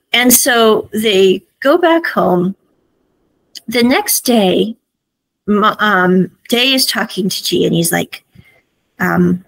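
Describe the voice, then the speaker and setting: A woman's voice: a little high, expressive, slow, creaky, husky, dry recording, rough recording. A woman hosting a casual review show, retelling scenes of a drama in quoted dialogue with many asides. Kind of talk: casual recap and commentary.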